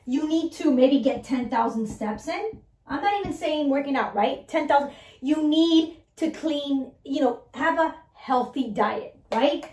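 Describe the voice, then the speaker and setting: A woman coaching her listeners on mindset, talking in an animated way and asking "right?" again and again. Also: high-pitched, measured pace, echoey room, slight background noise. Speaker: mindset and weight-loss coach. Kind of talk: motivational talk to listeners.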